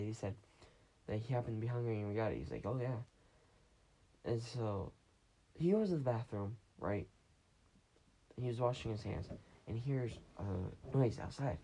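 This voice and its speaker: Retelling a story on his casual podcast, recorded by phone, a man wanders, restarts repeatedly and acts out quotes. His medium-pitched voice is expressive and dark with a breathy edge, at a normal speed.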